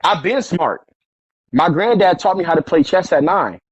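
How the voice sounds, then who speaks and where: Casual man spinning stories, acts out the quotes, slangy, kinda high-pitched. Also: moderate pace, breathy edge, no room sound, highs cut off. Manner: animated, acts out quoted voices, street slang. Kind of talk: casual storytelling conversation.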